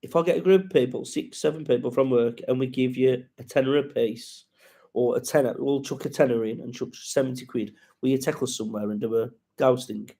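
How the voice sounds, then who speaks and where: A man's voice: mid-range voice, brisk, mellow. A man hosting a casual live-stream chat, rambling and sweary as he greets viewers and reads out their comments.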